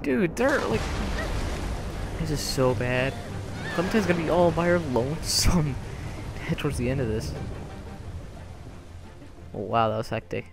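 A man's voice: a little high, lively intonation, unhurried, creaky, pauses often. A young man giving let's play commentary on a story game, reacting frantically to the action. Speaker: gamer playing through a story game. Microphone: desk microphone. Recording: game music playing under the voice.

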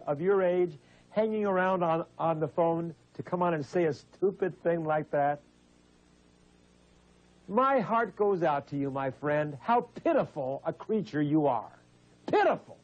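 A man's voice: sits high, a little mellow. A man hosting a call-in radio show, scolding and exasperated with prank callers. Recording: dull lo-fi broadcast audio.

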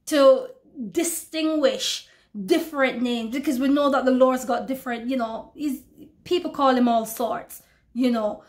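A woman's voice: sits high, unhurried, a little mellow. A woman preacher giving a fervent testimony sermon, repeating phrases and calling out to her listeners. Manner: fervent, repeats phrases, addresses brothers and sisters.

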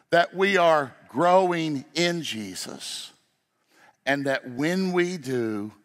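A male pastor preaching a sermon, swinging from loud, emphatic declarations to hushed, low passages. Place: large church sanctuary. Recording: long hall reverb.

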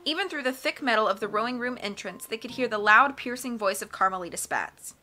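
Bright-voiced woman reading an audiobook. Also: a little high, lively intonation, a little fast, soft background music. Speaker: audiobook reader. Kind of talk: audiobook narration.

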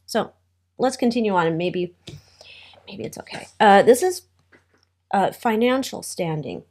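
A woman's voice: mid-range voice, lively intonation, normal speed, pauses often, darkish tone. Chatty woman doing a tarot reading. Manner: chatty, wry asides, trailing off mid-thought. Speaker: tarot reader.

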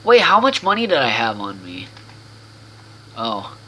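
A man's voice: mid-range voice, wildly swooping pitch, measured pace, bright, forceful tone, poor audio. A man hosting a casual let's-play video, rambling to himself with restarts and the odd swear word as he plays. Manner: rambling self-talk with frequent restarts and swearing. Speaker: gaming video host.

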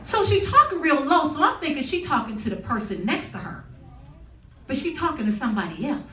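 A woman's voice: sits high, very animated, a little fast, pushed and bright. A woman doing stand-up comedy, sassy and conversational, teasing the audience, recorded live on stage in a large hall. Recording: echoey hall with crowd noise, mic at a distance.

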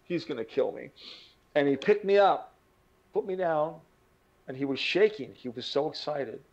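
A man's voice: on the high side, animated, normal speed, lo-fi sound. A man teaching a self-improvement lesson as an earnest, vivid storyteller. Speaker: motivational teacher. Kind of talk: storytelling lecture.

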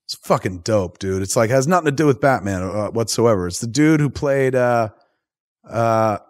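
A man's voice: medium pitch, animated, normal speed, dry recording, studio quality. Profane, rambling man recapping a film. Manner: profane, rambling and enthusiastic storytelling. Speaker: podcast host. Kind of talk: casual movie recap.

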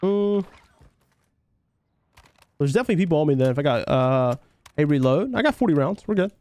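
A man's voice: on the high side, animated, a little fast, mellow, dry recording. A young man with a Southern US country twang who does laid-back, slangy live gameplay commentary, reading chat aloud and answering viewers. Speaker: game streamer.

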